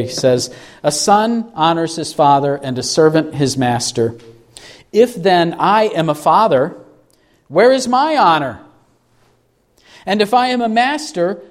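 Guy preaching a sermon, kinda high voice, asks lots of questions, slows way down on bible verses. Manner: preaching with rhetorical questions and dramatic pauses; slows down for emphasis on scripture. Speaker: pastor. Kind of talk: expository sermon.

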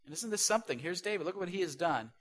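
A man preaching a sermon who asks rhetorical questions and swings between loud stresses and soft asides. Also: high-pitched, animated, rapid-fire.

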